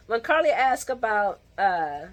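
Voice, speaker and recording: A woman casually recapping a soap opera episode on her channel, talking back to the characters with sass and frequent laughter. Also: a little high. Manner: sassy, talks back to the characters, laughs often.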